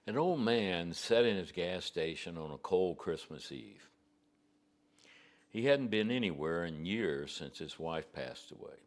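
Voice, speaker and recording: Deep-voiced preacher, slow homespun storytelling, conversational. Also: male voice, animated. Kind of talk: storytelling to a congregation.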